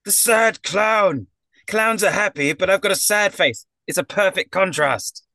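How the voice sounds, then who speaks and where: Brief: high, whiny sad-clown guy, pompous and touchy, a man putting him on in a tabletop game, dry close sound. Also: unhurried, creaky, pushed and bright, dry recording, heavily acted. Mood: haughty. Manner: indignant, theatrical whine. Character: grumpy self-important male sad clown.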